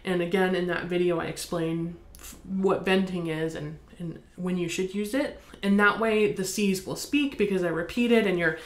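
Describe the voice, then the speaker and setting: An American woman teaching bassoon, explaining in a friendly way and counting beats aloud. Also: moderate pace, hardly any pauses. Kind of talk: instructional demonstration. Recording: echoey room.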